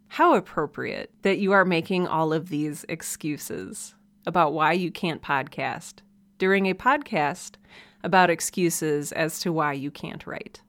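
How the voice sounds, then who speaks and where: Chatty low-voiced woman podcaster. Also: no echo. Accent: American Midwest. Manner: chatty, self-deprecating, laughs often. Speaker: podcast host. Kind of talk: casual solo podcast monologue. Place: hot home office. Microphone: desk mic.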